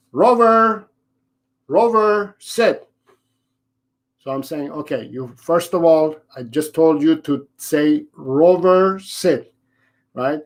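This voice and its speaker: A man coaching dog owners through a live training talk, taking his time over each point. His voice sits a little high, and he drops in quick acted examples of owners and their dogs. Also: a little mellow. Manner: repetitive, acts out owners and dogs in quick asides.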